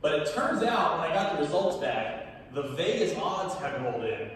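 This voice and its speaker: Young man, stand-up comedian, lively pitch, a bit high, distant mic, echoey theater. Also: normal speed, a little hiss or hum. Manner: animated storytelling, punchlines with crowd laughter. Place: small comedy theater stage. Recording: echoey hall from far off. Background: audience laughter.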